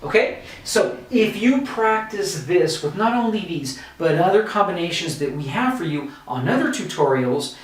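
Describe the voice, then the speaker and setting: A man teaching English pronunciation in a video lesson, modeling words slowly and often checking in with "okay?". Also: high-pitched, expressive. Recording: roomy echo, mic at a distance.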